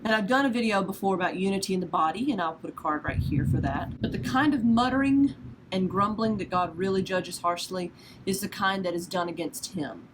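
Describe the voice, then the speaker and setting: A woman's voice: medium pitch, brisk, background noise. A woman, hosting a casual devotional podcast in a chatty, self-deprecating storytelling manner. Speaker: podcast host.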